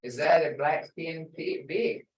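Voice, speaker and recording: A woman's voice: sits low, measured pace, a little hiss or hum. An older woman teaching a language lesson, stretching out example words for emphasis. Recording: echoey room, voice far from mic.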